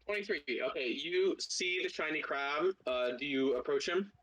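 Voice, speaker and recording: A man's voice: fairly high pitch, normal speed, fairly bright tone, rough recording. A man running a tabletop game as game master, narrating loosely and laughing often.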